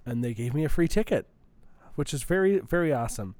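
A man's voice: fairly high pitch, expressive, fairly quick, a little mellow, no echo. A man with a Minnesotan accent co-hosting a casual chat while tasting sodas, chatty and playful. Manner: chatty, playful, laughs easily. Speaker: co-host.

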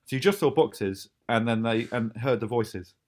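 A man, the creator of a show, chatting casually about making it, quick and often laughing. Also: medium pitch, darkish tone. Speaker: show creator talking about his series. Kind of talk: casual podcast chat.

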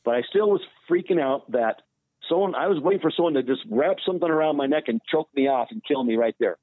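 A man, a former baseball pitcher, telling a story in casual conversation and acting out the dialogue as he goes. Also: quick pace, dry recording. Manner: animated retelling with quoted dialogue. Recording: tinny phone line, dry.

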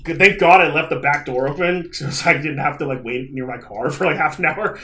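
A man's voice: fairly high pitch, fairly quick, bright, forceful tone. A man on a podcast who vents about his week in a rambling, profane storytelling manner. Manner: frustrated venting. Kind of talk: casual chat.

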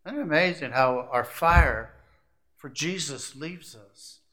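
Bright-voiced preacher with swelling, building delivery. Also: male voice, fairly high pitch, takes it slowly. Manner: swings from hushed, confiding asides to rising, emphatic climaxes; repetitive, building lists of short phrases. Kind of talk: sermon.

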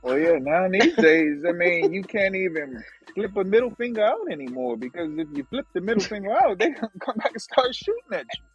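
A man's voice: high-pitched, a little fast, breathy edge, dull audio, soft background music. A man co-hosting a casual chat, talking expressively about driving. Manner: expressive, acts out quarrels with laughter. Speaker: podcast co-host.

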